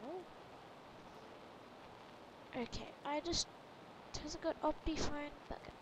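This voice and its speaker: A woman giving gameplay commentary, chattering to herself with sudden excited exclamations. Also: high voice, slow, background noise. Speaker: let's play gamer.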